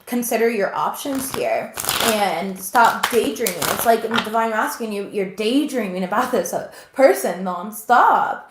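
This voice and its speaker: A woman in her thirties giving an earnest, emotional tarot reading to viewers. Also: mid-range voice. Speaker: tarot reader. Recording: echoey room with faint noise.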